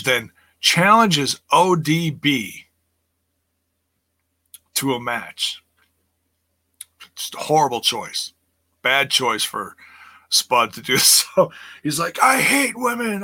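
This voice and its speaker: A man talks through a wrestling recap in a casual, rambling way, breaking into laughter and reading viewer comments aloud. His voice is bright and forward. He speaks slowly, with plenty of restarts, and the sound is dry and close. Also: mid-range voice, dry recording. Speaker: wrestling review host.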